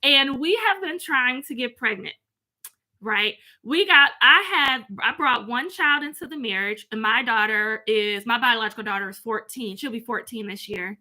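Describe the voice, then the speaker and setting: Chatty woman in her 30s, vlogging from home, high voice, real bright. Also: moderate pace. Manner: chatty, speaks straight to viewers, reads out comments. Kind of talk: casual chat to viewers.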